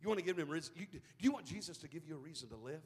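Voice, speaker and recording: High-voiced impassioned preacher man. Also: expressive, racing, in a large hall. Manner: impassioned, plays out bible characters, rising to shouts. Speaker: pastor. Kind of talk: sermon.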